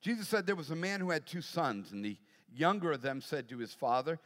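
A middle-aged man, a pastor, preaching a sermon and telling a personal story, animated and acting out voices. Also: on the high side, a little fast, few pauses. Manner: animated storyteller, acts out voices, laughs often. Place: large church hall. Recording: long hall reverb.

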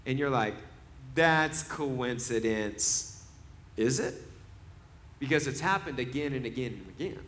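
This pastor, a man in his forties, preaches a sermon by telling stories conversationally, then rises to loud, laughing emphasis. His mid-range voice is animated and brisk, broken by long pauses.

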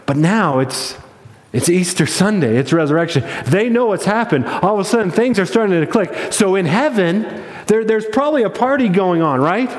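A male pastor preaching in a relaxed, conversational way, often restarting his phrases. His voice sits high for a man, and it rings out with a long echo in a large church hall. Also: moderate pace. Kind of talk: sermon. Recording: echoey hall with long reverb.

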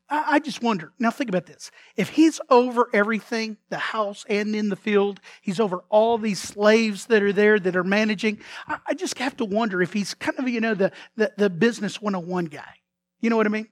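A man preaching a sermon as pastor, telling the story in a lively way, acting out the figures' lines and often repeating words as he restarts. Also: sits high, fairly quick, no room sound. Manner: animated storytelling, acts out characters' lines.

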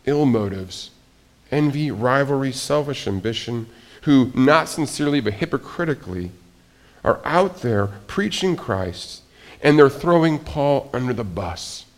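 In an unhurried, mid-range voice, a middle-aged man preaches as pastor. His sermon swings from quiet, almost whispered asides to loud, excited exclamations, with phrases often restarted.

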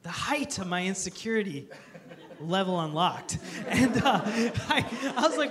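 A male pastor preaching a sermon, telling stories with lively, self-mocking humor and earnest emphasis. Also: high voice, measured pace.

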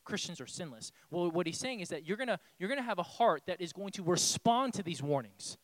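A man preaching a sermon as pastor in a church, impassioned and pleading, swinging from hushed tones to shouting. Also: sits high, animated, brisk, dry recording. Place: church hall.

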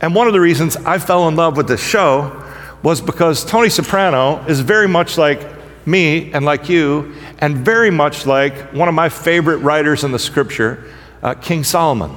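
A man preaching a casual, humorous sermon, telling stories in a loose, animated way. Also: on the high side, moderate pace. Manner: conversational, joking, animated storytelling. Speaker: pastor. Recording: long hall reverb.

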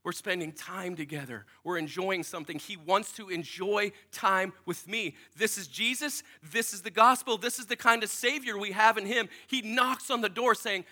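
A man preaching a personal testimony in a small church, telling his story with feeling and dropping to a hush for remembered prayers. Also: high-pitched, moderate pace, hardly any pauses. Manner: emotional storytelling, drops to near-whispers for inner prayers. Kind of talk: sermon testimony. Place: small church in a strip mall.

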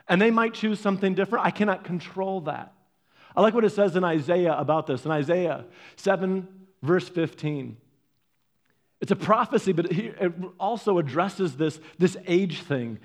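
A male pastor delivering a sermon in a relaxed, conversational manner. His speaking voice sits high for a man. He often restarts and repeats words, and he moves into lively storytelling. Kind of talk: preaching a sermon.

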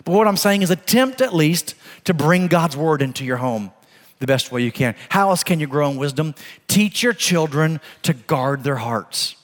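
A middle-aged male pastor preaching a sermon, moving between emphatic exhortation and soft, chatty storytelling. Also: a little high, expressive, moderate pace, big-room sound.

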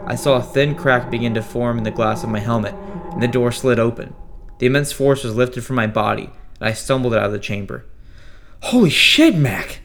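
A man's voice: mid-range voice, fairly even intonation, a little fast, a little hiss or hum. A man narrating a first-person horror story in a tense, dramatic way. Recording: narration over clear music. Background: music.

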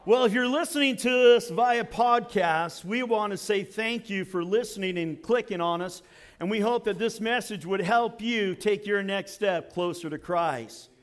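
A man's voice: sits high, normal speed. A man preaching a sermon as a church pastor, using rhetorical questions and dramatic emphasis.

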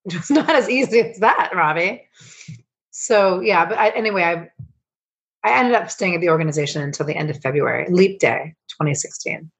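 A middle-aged woman, a coach and founder, telling personal stories as a podcast guest, emotional and swearing freely as she rambles with quick restarts. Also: on the low side, expressive, gravelly, slightly rough. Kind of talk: candid storytelling interview.

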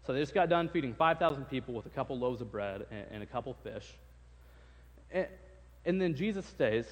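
A man delivers a relaxed, conversational sermon, retelling a Bible story with stammered restarts and playful dialogue. His voice sits at an ordinary middle pitch. A long reverb trails every phrase, as if he speaks in a large hall. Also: a little fast. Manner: conversational, repeats words, acts out quotes. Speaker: preacher. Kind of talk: casual sermon.

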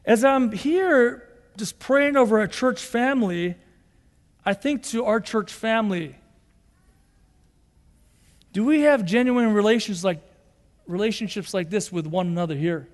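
A man's voice: high voice, measured pace, long pauses, big-room sound. A man, a pastor, preaching a sermon and acting out quoted dialogue with animation.

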